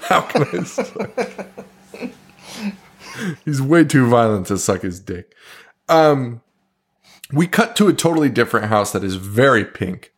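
A man's voice: medium pitch, unhurried, pauses often. A man co-hosting a horror podcast, casually recapping a film with lots of laughter and swearing. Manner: laughing often, swearing, animated storytelling. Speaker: podcast co-host.

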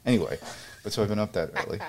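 A man's voice: expressive, racing, darkish tone. A man co-hosting a sports podcast, rambling through casual stories and laughing often. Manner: rambling, laughs often, drops low when tired. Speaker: podcast co-host.

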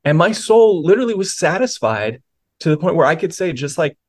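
A man's voice: fairly high pitch, very animated, brisk. A middle-aged man, a pastor and podcast guest, tells his faith story in an earnest way, with many small restarts. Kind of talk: reflective faith testimony.

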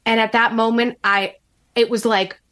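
A woman with a fairly high voice tells a personal story in an easy, chatty way. She is animated and acts out what people said, jumping her pitch up and down for each quoted line. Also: normal speed. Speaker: podcast guest. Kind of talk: casual storytelling.

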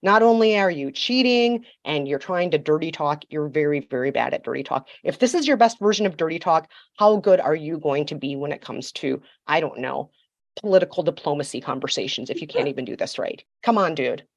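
Woman podcast guest, low-pitched, sassy storyteller, dry close sound. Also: animated, brisk, dry recording, lo-fi sound. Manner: sassy, emphatic, mocking asides. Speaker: podcast guest, royal commentator. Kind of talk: storytelling chat.

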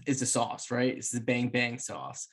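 A man's voice: medium pitch, steady tone, measured pace, a bit bright. A man on a podcast with a brash, loose manner. He teases his friends, swears freely and laughs between lines. His talk is casual and unpolished. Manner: brash, profane teasing, laughs often. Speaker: podcast co-host, firefighter. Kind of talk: casual chat.

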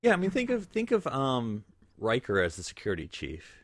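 A man's voice: mid-range voice, huge pitch swings, fairly quick, no room sound, studio quality. A man co-hosting a casual podcast chat, who cracks jokes and throws in playful asides. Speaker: podcast co-host.

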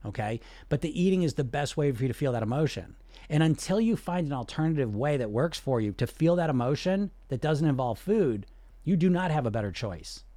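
A man's voice: on the high side, a little mellow, no echo. A man coaching the listener on emotional eating, talking straight to them in an earnest, reassuring way. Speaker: weight-loss coach. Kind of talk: direct-to-listener coaching talk.

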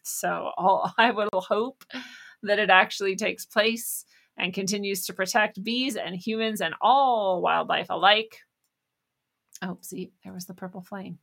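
A woman's voice: medium pitch, bright, forceful tone. A woman hosting a casual news commentary monologue, sarcastic and profane, laughing often. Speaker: host.

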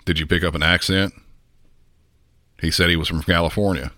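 A man from the Southern United States hosting a podcast, talking in a measured, instructive way and putting questions to the listener. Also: low-pitched, fairly even intonation, bright, forceful tone, no echo, clean studio sound. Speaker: podcast host.

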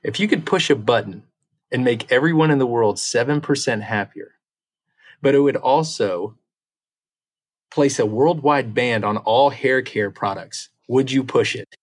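A man co-hosts a casual podcast, reading out quiz questions with an upbeat, encouraging manner. His voice sits at an ordinary middle pitch, and he keeps praising his partner's answers. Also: measured pace.

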